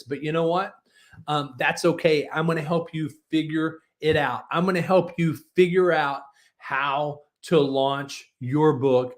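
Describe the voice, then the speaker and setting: A man's voice: fairly high pitch, moderate pace. A man in his forties, a book publisher, teaching a workshop in a folksy, encouraging storytelling manner. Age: 40s. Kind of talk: motivational workshop talk.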